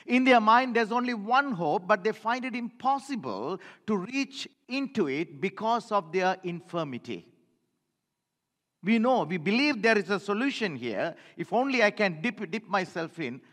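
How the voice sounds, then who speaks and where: Male preacher, high-pitched, emphatic and repetitive, in a reverberant church hall. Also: big pitch swings, normal speed, fairly bright tone. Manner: emphatic, repeats phrases for the congregation. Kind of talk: sermon.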